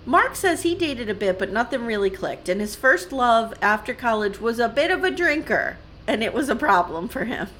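A woman's voice: fairly high pitch, big pitch swings, normal speed, few pauses, a bit bright, a little hiss or hum. A woman co-hosting a podcast, recapping a reality show in casual chat, blunt and swearing, laughing often. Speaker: podcast co-host.

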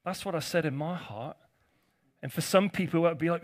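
Man, pastor, high voice, chatty sermon, teasing the congregation. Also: a little fast. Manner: conversational, jokey asides to the congregation.

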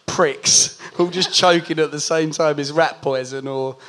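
A man's voice: fairly high pitch, fairly even intonation, a little slow, fairly bright tone, a little hiss or hum. A man in a casual chat who teases and jokes crudely. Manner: crude, teasing banter.

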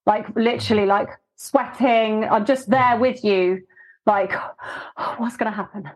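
A woman hosting a podcast who reacts to her guest in casual chat, with quick comments and laughter. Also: a little high, poor audio. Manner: reactive, laughing, supportive interjections. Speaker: podcast host.

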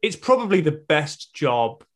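A man's voice: on the high side, big pitch swings, unhurried, a bit bright. A man, a stand-up comedian, musing in casual chat with a self-deprecating manner.

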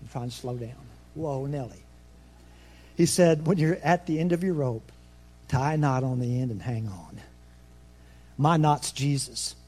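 A pastor preaching a sermon, nervous and fast-talking, with folksy asides that swing between soft remarks and loud, ringing proclamation. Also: male voice, mid-range voice, husky. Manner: folksy, self-deprecating asides.

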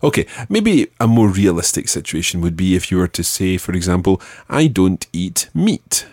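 A male language teacher leading a spoken lesson, patiently modelling words slowly and clearly. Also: deep voice, very animated, a little mellow, no room sound, studio quality.

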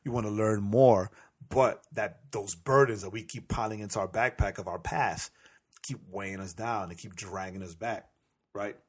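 A man's voice: lowish voice, moderate pace, husky. A man co-hosting a faith podcast, explaining his beliefs in an earnest, preachy way and often asking "right?". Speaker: podcast co-host. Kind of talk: casual faith podcast chat.

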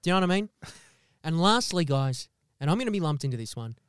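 A man's voice: a little high, sing-song, fairly quick, smooth, dry recording, clean studio sound. A man hosting a podcast, ranting in a heated, sweary, comedic way and often asking "do you know what I mean". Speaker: podcast host. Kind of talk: profane comedic rant.

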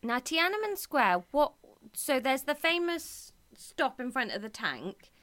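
A woman's voice: high voice, very animated, a little slow, fairly bright tone. A woman in her thirties co-hosting a casual chat, playful and teasing. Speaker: podcast co-host.

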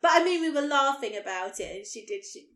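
A woman's voice: sits high, expressive, a little fast, fairly bright tone, reverberant. A woman in her thirties, a podcast co-host telling a story in casual chat, acting out the people in it with laughter. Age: 30s.

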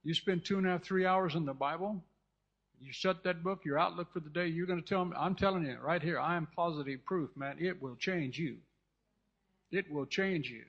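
A pastor from California delivers a fervent sermon in a slightly higher-than-usual man's voice, repeating phrases and breaking off to check in with his listeners. The sound is a dull, lo-fi recording. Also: moderate pace, a bit bright. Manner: fervent, repetitive preaching with restarts and asides to the congregation.

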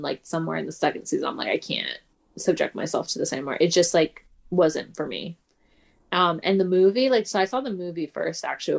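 A woman's voice: fairly low pitch, creaky, a little mellow. A woman chatting casually on a podcast over a remote call, blunt and wry in her opinions. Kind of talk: casual chat.

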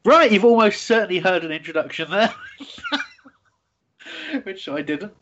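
A man's voice: sits high, very animated, unhurried, a bit bright. A man hosting a casual football fan radio show, rambling with lots of fillers and restarts. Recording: dull lo-fi sound.

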